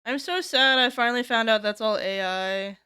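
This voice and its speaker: Bright, lively woman streamer. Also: normal speed, clean tone. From United States. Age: young adult. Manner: animated, swears freely, high-pitched when quoting others. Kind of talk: casual chat while working on stream.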